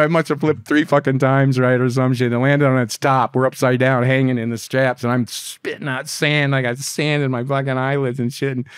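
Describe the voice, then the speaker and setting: Older man, foul-mouthed storyteller, mid-pitched voice, dry close sound. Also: no echo. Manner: profane, rambling, animated storyteller. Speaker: podcast guest. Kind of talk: casual storytelling interview.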